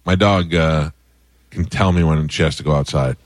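A man hosting a radio talk show, telling stories in a dry, deadpan way. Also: extremely low pitch, normal speed, dry recording. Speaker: radio host. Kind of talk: comic radio chat.

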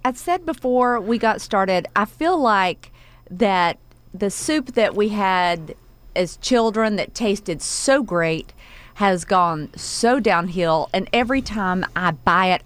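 A woman's voice: medium pitch, takes it slowly, a bit bright. A woman hosting a radio interview, chatty and enthusiastic as she asks her guests questions. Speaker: radio host. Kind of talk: casual interview chat.

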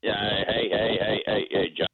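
Gravelly male caller on a phone line. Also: lowish voice, level tone, measured pace. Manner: teasing, repeats "yeah, yeah". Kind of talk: joking call-in banter. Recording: phone line over loud crowd.

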